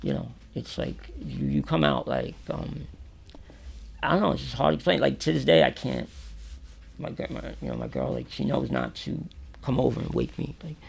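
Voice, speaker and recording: A man's voice: mid-range voice, moderate pace, creaky, slightly rough. A man from New York, an interview guest, telling prison stories casually, swearing freely and acting out what people said. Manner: animated, acts out quotes with loud exclamations, swears freely. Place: radio or podcast studio.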